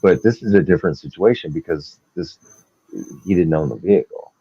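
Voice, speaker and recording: A man co-hosting a podcast, telling stories in a casual, animated way and acting out the people in them. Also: sits low, brisk, husky. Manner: animated anecdote-telling, acting out quoted people, laughs often. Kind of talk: casual storytelling chat. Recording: dull lo-fi dry sound.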